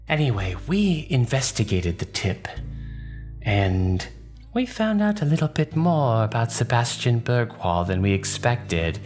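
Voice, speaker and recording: A man voicing a flirty, theatrical noblewoman, gushing in a raised voice. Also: mid-range voice. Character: flirty swooning noblewoman, baroness.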